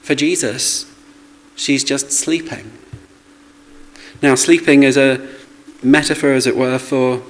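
A man's voice: medium pitch, steady tone, takes it slowly, rough recording. A man preaching a sermon in a conversational way, with rhetorical questions and asides to the congregation.

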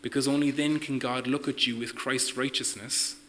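A man's voice: medium pitch, steady tone, normal speed, sharp tone, a little hiss or hum, low-quality recording. A man preaching a sermon, earnest, putting questions to his listeners as he reads from scripture.

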